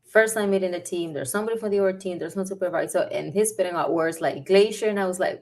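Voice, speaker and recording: A woman's voice: medium pitch, quick pace. A woman guest on a podcast, talking casually and candidly, giving upbeat advice and laughing easily. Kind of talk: casual conversation.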